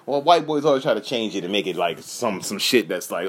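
A man's voice: lowish voice, animated, fairly quick, hardly any pauses. A man in his thirties delivering a profane, comedic rant with laughing asides. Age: 30s. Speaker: comedian host.

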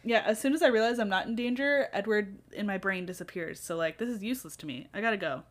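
A woman's voice: medium pitch, fast talker. A young woman co-hosting a casual book chat, wry, acting out the characters' lines. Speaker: podcast co-host.

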